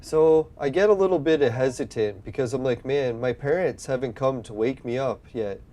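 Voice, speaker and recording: Young male gaming host, relaxed mellow voice, rambling storyteller, swears a lot. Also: mid-range voice, moderate pace. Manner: rambling, swears often, acts out his own past lines. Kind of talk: casual storytelling while playing a game.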